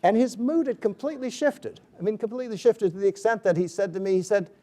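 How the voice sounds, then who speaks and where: A middle-aged man giving a book talk, telling an anecdote in a lively way and acting out the people he quotes. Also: high voice, fast talker. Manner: animated storyteller, acts out quoted voices. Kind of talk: storytelling lecture.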